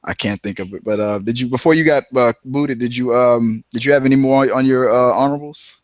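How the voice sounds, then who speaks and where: A man co-hosting a casual movie talk show, rambling and retelling scenes with animated quoted voices. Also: mid-range voice, brisk, no room sound. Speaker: podcast co-host.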